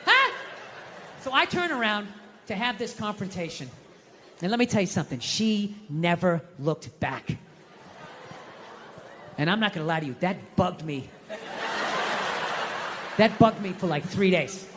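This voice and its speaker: A man doing stand-up comedy, ranting and swearing with sudden shouted bursts. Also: high-pitched, lively intonation, a little slow, long pauses, in a large hall, a little hiss or hum.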